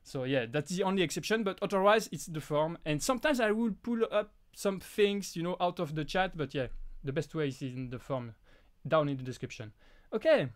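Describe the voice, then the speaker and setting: A man from France with a French accent, whose first language is French, hosting a casual live Q&A and talking in halting bursts full of restarts. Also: fairly high pitch. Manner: halting, frequent restarts and fillers. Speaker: live stream host.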